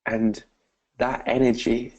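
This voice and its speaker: A British motivational speaker tells an earnest personal story to camera, frequently addressing his listeners as "guys." He speaks slowly at a medium pitch in a level, slightly mellow voice with a breathy edge, and the recording is rough.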